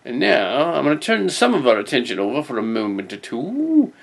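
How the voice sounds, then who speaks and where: Animated gravelly man ranting casually. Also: medium pitch, fairly quick. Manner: rambling, wry, self-interrupting. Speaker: show host. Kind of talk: casual rambling rant to camera. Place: home studio.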